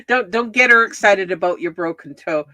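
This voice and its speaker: A woman chatting on a live stream in a gentle, kindly way. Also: medium pitch, no room sound. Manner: gentle, unhurried, kindly, says "my dear". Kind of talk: casual chat.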